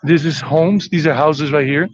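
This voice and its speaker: A man's voice: fairly high pitch, fairly even intonation, moderate pace, dry recording, dull audio. An American man giving a rambling, chatty walking tour outdoors on city streets. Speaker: tour vlogger.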